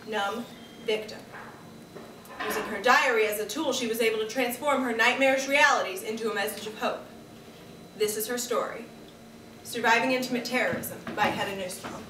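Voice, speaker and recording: Picked up by a far-off camera mic in a room with echo and background noise, a woman whose voice sits on the high side performs a dramatic monologue. Her first-person stage piece is measured and reflective, almost like reading from a diary.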